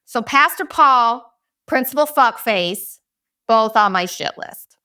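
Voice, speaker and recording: A forty-something woman hosts her own podcast and tells a comedic story in a bright, sharp voice. She is blunt and profane, ranting freely with a lively, swooping pitch that sits a little on the high side. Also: takes it slowly, clean tone. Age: 40s. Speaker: podcast host. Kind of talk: casual comedic storytelling monologue.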